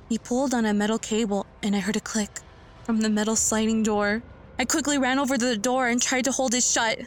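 A woman narrating a first-person horror story in a tense, earnest manner. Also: on the high side.

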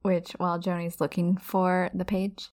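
A woman's voice: lowish voice, flat delivery, a little slow, darkish tone. A woman co-hosting a book podcast, chatting casually, laughing often and saying "like" a lot. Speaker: podcast co-host. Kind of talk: casual chat.

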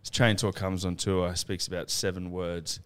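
A man's voice: deep voice, level tone, measured pace, a bit bright, smooth. A man with an Australian accent telling a laughing, swear-filled rugby tour story on a casual podcast. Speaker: podcast co-host.

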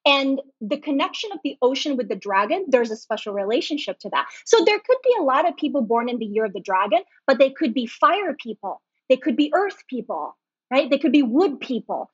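A woman guest on a podcast, calmly explaining concepts and checking in with "right?" as she goes. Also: high voice, fairly quick, husky, no echo. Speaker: guest astrology reader. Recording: dull lo-fi sound.

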